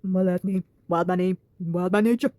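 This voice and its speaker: A woman voicing a bold, sly young troublemaker in a story game, in a low, smirking voice. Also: steady tone, normal speed, mellow, no room sound, clean studio sound, close to an everyday voice.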